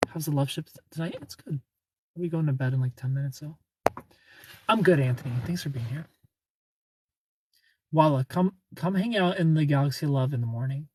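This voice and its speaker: A man's voice: a little high, a little mellow, husky. A man from Ohio hosting a live stream, chatting casually, greeting viewers by name and laughing often.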